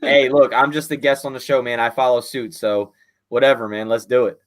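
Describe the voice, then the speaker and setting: A man's voice: mid-range voice, steady tone, fairly quick. A man, a guest on a sports podcast, talking casually with lots of fillers. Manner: laid-back, many fillers like "man" and "you know". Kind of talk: casual chat.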